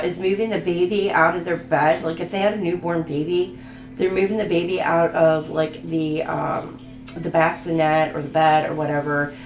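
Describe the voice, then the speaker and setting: A low-voiced woman gives a casual live tarot reading from a room at home, and the audio is poor with a roomy sound. She's chatty and rambling, using lots of fillers and laughter.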